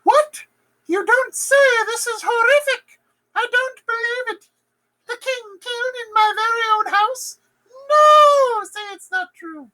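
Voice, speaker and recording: A man voicing Lady Macbeth as a woman faking shock, in a squealing, exaggerated falsetto. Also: slow pace, pushed and bright, full character voice, low-quality recording.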